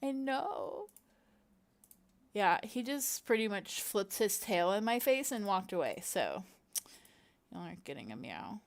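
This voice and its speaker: The speaker, a middle-aged woman, makes content from home and chats casually to viewers while she works at the computer, her cat nearby. Her medium pitch swings widely, her pace is moderate, and her talk rambles with many fillers and asides to herself.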